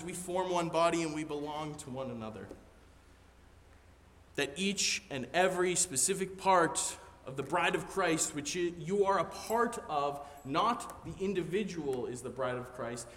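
High-voiced male pastor preaching in a hall. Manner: earnest, building excitement. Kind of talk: sermon. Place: church sanctuary. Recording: roomy hall reverb, faint ambience.

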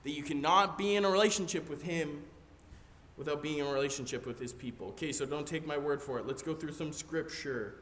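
A man preaching a sermon as a pastor, earnest and growing excited as he goes through scripture. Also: fairly high pitch, a little fast. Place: church sanctuary. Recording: roomy hall reverb, faint ambience.

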